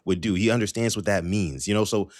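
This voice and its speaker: Low-voiced podcast host leading the talk. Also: male voice, quick pace, darkish tone, no echo, studio quality. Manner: conversational, leading the discussion. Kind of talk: sports podcast hosting.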